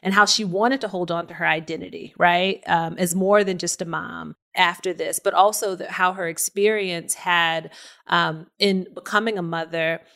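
Woman, thirties, podcast co-host, animated storyteller, casual conversation. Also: lowish voice, normal speed, vocal fry. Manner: animated storytelling, laughing often.

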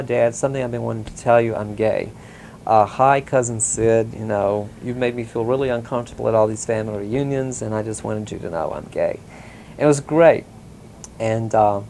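A man from the US South, telling a personal story in a casual interview, rambling with many ums and soft chuckles. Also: mid-range voice, gravelly, slight background noise, rough recording. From Mississippi, US South. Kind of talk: casual oral-history storytelling.

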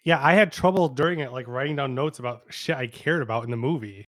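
A man with an even, mid-pitched voice chats as a guest reviewing a film. He talks in a dry, agreeable way and throws in the odd joke. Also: fast. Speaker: stream guest. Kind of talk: casual movie review chat.

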